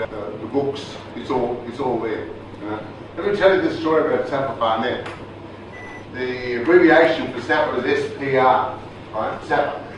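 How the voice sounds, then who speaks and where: An older man with an Australian accent, telling stories to a training group in a casual, chatty way, often checking in with the room. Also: mid-range voice. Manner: casual, chatty, restarts phrases, checks in with "right?". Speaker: resilience trainer, speaker. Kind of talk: storytelling lecture to a group. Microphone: far room mic. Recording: echoey room from far off, background noise.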